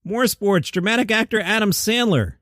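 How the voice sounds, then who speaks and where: A middle-aged man hosting a comedy news podcast from his basement, reading headlines and adding wry, animated asides. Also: sits high, dry recording, studio quality. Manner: wry, animated, quick side comments. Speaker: podcast host. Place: home basement studio.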